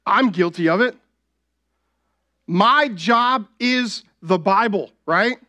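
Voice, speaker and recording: A man's voice: high-pitched, slow, bright, forceful tone. A young adult man preaching a sermon as pastor, talking conversationally and often asking the congregation "right?".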